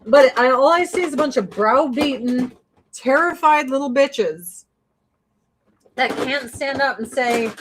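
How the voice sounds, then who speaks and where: A woman's voice: a little high, normal speed. A woman doing her makeup while ranting in a blunt, profane, fired-up way. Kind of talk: casual get-ready-with-me rant.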